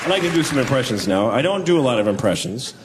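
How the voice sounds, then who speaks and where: A man's voice: medium pitch, very animated, fast. A man doing a stand-up set on a club stage, dry and wry in delivery. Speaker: stand-up comedian. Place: comedy club stage with live audience. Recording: live club recording with crowd and noise.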